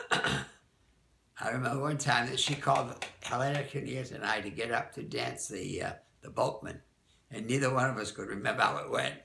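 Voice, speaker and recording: An older man, a dance teacher, recalling people from the past in a rambling, halting way, often correcting himself. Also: mid-range voice, creaky, pushed and bright, echoey room. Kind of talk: oral-history reminiscence.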